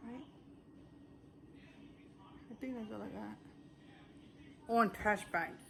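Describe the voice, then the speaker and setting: A vlogger chats casually to camera about a haul, a little out of breath and rambling with plenty of fillers and restarts. Her medium-pitched voice is gravelly and slow, over background noise.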